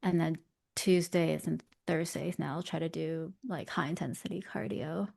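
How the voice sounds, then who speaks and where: A young woman talking casually as an interview guest, chatty, self-deprecating and quick to laugh. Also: low-pitched, steady tone, gravelly, darkish tone. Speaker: interview guest, visual development artist. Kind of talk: casual conversation.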